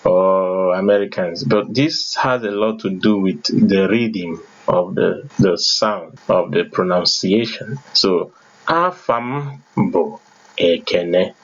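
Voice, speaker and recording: A man from Nigeria with a Nigerian accent who teaches a spoken language lesson and repeats each phrase slowly to stress its tones. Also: low voice, breathy edge, lo-fi sound. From Enugu State, Nigeria.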